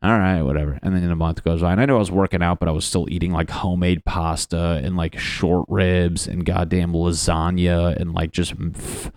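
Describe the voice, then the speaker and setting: A man's voice: low voice, flat delivery, moderate pace, few pauses, a little mellow, no room sound. A young man talking casually to his viewers, rambling, swearing freely and poking fun at himself. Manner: rambling, profane, self-deprecating. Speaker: vlogger. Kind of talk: casual personal talk to camera.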